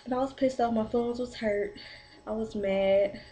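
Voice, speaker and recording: A pregnant teen, aged 17 to 19, vlogs over poor audio, her voice a little high and her pace moderate. She rambles through an animated story about her little sister, saying "like" constantly.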